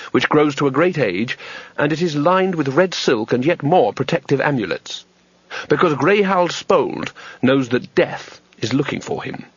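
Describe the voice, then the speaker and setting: Husky-voiced man narrating an audiobook. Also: on the high side, dry recording. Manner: measured, wry storytelling. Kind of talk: scripted narration. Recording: dull, dry lo-fi recording.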